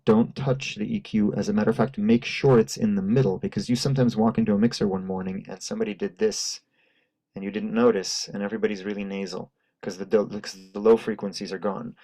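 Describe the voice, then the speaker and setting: A man's voice: on the low side, steady tone, fast, warm tone, rough recording. A man leading a live sound workshop, explaining and demonstrating patiently through a microphone and speaker system. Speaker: workshop instructor. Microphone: handheld mic through a PA system.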